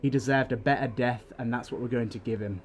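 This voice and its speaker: Man playing a gruff, commanding warrior. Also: mid-range voice, steady tone, quick pace, slight background noise, lightly acted. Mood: firm. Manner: firm, forceful.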